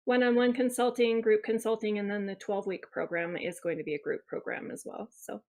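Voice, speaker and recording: A woman's voice: medium pitch, little pitch movement, a little fast, a little mellow. A woman who is a guest on a podcast, speaking in an earnest, hesitant way with many ums. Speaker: guest, wellness copywriter and coach. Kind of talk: casual interview chat.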